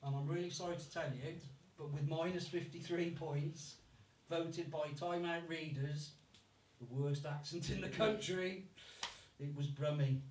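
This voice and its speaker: Brummie stand-up comic in an echoey club. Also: male voice, fairly high pitch, steady tone, a little slow, darkish tone, slight background noise. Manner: swears freely, puts on voices for accents. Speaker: stand-up comedian. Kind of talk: stand-up comedy set. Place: live comedy club. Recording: echoey room from far off.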